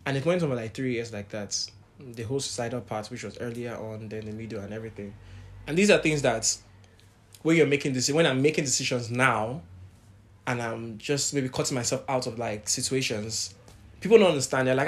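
Man, candid, animated, casual podcast talk. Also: medium pitch, fairly quick. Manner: candid, animated when quoting others. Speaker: podcast co-host. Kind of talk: casual faith chat.

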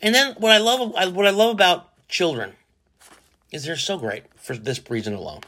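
Bright, rambling man. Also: sits high, lively intonation, moderate pace. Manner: rambling, profane, jokey, lots of restarts. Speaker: podcast host. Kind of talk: casual solo podcast monologue.

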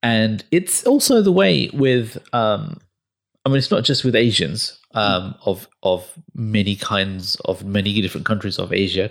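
A man with a somewhat low voice hosts a relaxed podcast conversation. He talks in an opinionated way, hesitating often with ums, and throws in sarcastic little jabs. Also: unhurried, creaky. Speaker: podcast host. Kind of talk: casual chat.

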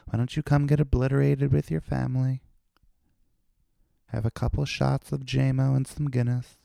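A man's voice: medium pitch, level tone, normal speed, vocal fry, mellow, no echo, clean studio sound, voice pushed up. Man doing a campy, sing-song mom voice. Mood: coaxing. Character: his mother, done as a campy gay man.

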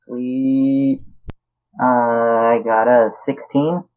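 Woman, tabletop player, laid-back, very deep voice, slow speech, dull lo-fi mic. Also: steady tone. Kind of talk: casual tabletop play.

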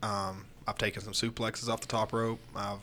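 Wrestler guy on a podcast, kinda low voice, rambly and candid, faint hiss behind him. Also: flat delivery, normal speed, bright, forceful tone. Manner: rambling, candid storytelling with fillers and restarts. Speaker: pro wrestler guest. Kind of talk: casual podcast chat.

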